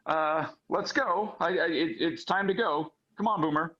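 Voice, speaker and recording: A man's voice: on the high side, normal speed, fairly bright tone, lo-fi sound. A man voicing a flustered, grieving young woman who stammers nervously.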